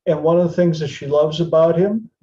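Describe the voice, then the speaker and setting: A man's voice: fairly high pitch, fairly quick, mellow, dull audio. A man hosting a podcast, telling a story in a casual, chatty way and putting on playful voices for the people in it. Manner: retells anecdotes, slipping into playful voices for the people in them. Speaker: podcast host.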